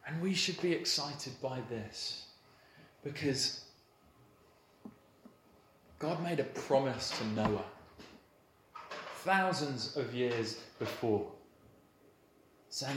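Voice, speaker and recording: Playful pastor preaching in an echoey hall. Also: male voice, mid-range voice, animated, extremely slow, long pauses, slight background noise. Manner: warm, playful storytelling with laughs. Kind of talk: sermon. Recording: roomy hall echo, faint ambience.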